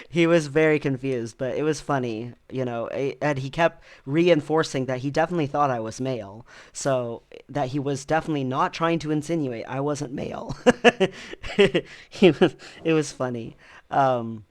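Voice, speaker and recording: A man's voice: mid-range voice, a little slow. A man talking casually in a personal vlog, rambling with many ums and frequent laughs. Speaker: vlogger.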